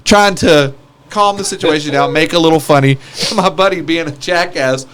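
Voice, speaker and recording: A man's voice: fairly high pitch, moderate pace, fairly bright tone, smooth. A man, telling rambling bar stories with frequent laughs in a casual podcast chat.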